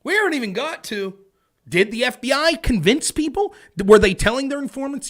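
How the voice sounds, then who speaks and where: Male stream host, high voice with big swings, profane and conversational, frequent "right?". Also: brisk. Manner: animated and profane, keeps asking "right?". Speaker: live-stream political commentator. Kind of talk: casual ranting commentary. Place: home streaming setup.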